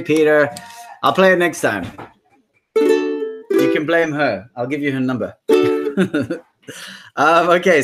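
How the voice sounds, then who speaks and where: A man hosting a casual musician's livestream, chatting in a rambling way and reading out viewer comments. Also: mid-range voice. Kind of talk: casual live-stream chat.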